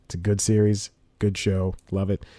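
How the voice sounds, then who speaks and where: A podcast host speaks in a low, monotone, mellow voice at normal speed. He rambles casually into a studio microphone with headphones, laughing between phrases, and the recording is dry.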